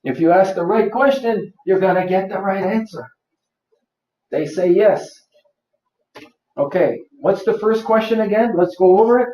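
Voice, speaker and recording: A man's voice: high-pitched, moderate pace, long pauses, mellow. Man lecturing a room, echoey and distant. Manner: coaxing, repeats points, quizzes the audience. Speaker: seminar presenter. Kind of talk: live workshop lecture. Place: office seminar room. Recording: roomy, distant, dull lo-fi.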